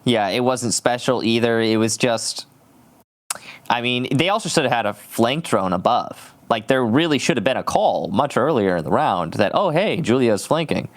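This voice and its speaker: A man's voice: medium pitch, moderate pace. A man doing live esports commentary in a casual, chatty way with plenty of fillers. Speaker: esports caster. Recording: steady background noise.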